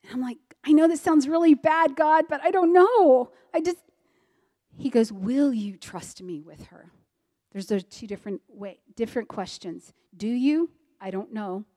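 A woman's voice: high voice, lively intonation, normal speed. Earnest woman telling a story in a reverberant hall. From Maryland, US. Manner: earnest storytelling, swings loud to soft. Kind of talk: personal testimony.

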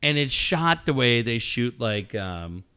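A middle-aged man co-hosting a radio show, telling excitable stories in casual banter, swearing freely and acting out yelling. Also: mid-range voice, slow pace, clear, resonant tone, dry recording, clean studio sound. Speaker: radio co-host.

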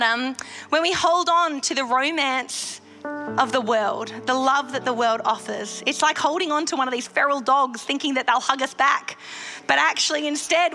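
A woman's voice: high voice, sharp tone. A woman giving an earnest devotional sermon, stressing points by repeating phrases. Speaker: Christian devotional speaker.

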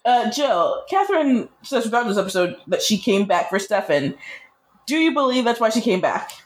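A woman's voice: a little high, sing-song, normal speed, slight background noise. A woman co-hosting a podcast, recapping in casual chat with joking, sarcastic asides. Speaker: podcast co-host.

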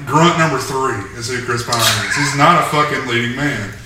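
A man co-hosting a casual podcast, blunt and quick to swear. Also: medium pitch, background noise. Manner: blunt and profane. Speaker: podcast co-host. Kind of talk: casual chat. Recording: echoey room, mic far off.

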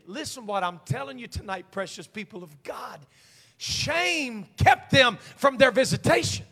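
A man, a senior pastor, preaching a sermon in church, swinging between hushed pleading and shouted exhortation. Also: very high voice, expressive, normal speed, big-room sound. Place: church sanctuary.

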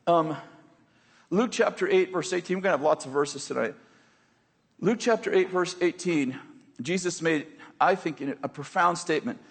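A man's voice: a little high, normal speed, pauses often, breathy edge. An American man preaching a sermon in a conversational, joking way, often checking in with his listeners.

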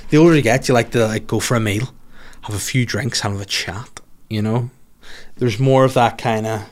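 A man's voice: mid-range voice, moderate pace. A man in his forties with a Northern Irish accent, hosting a solo podcast in rambling, sweary, self-mocking casual chat. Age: 40s. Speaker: podcast host.

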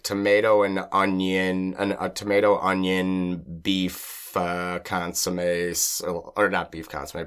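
Man, low voice, smooth and resonant, casual food podcast co-host, rambling with lots of ums. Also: a bit bright. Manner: rambling, filler-heavy explaining. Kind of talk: casual chat.

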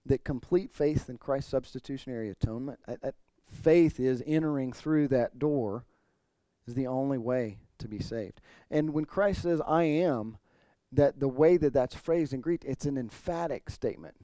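Man, pastor, earnest expository sermon, mellow tone, emphatic peaks. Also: medium pitch, moderate pace, no echo. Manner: earnest preaching, rising emphasis, occasional throat clearing.

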